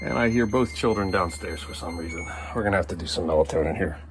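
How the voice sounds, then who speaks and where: A man's voice: fast talker, noisy background. A man, a father, talking through an evening at home with his kids in a casual vlog, recorded on a phone. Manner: mutters low asides, then raises voice sternly at kids. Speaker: father vlogging family life. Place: family home indoors. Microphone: handheld phone.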